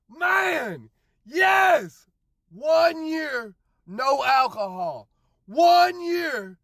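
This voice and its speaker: A man recording a faith vlog on his drive home, shouting praise and whooping with joy, at times close to tears. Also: very high voice, gravelly, no room sound. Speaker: vlogger. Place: car, driving home.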